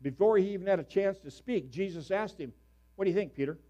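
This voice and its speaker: A middle-aged man preaching a sermon as a pastor, telling stories with sudden loud, animated bursts. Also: high voice, quick pace, dull audio.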